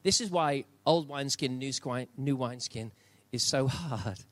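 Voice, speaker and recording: A man's voice: medium pitch, normal speed, a bit bright, dry recording. An older man preaching a sermon in church, emphatic and repeating key phrases for stress. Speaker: pastor.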